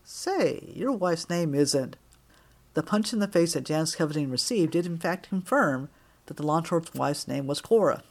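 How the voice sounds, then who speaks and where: A man reading a novel aloud in a wry, expressive manner. His voice sits slightly higher than most men's. He shapes the sentences with a dry, playful storyteller's timing. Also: brisk, gravelly. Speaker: narrator. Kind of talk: audiobook narration.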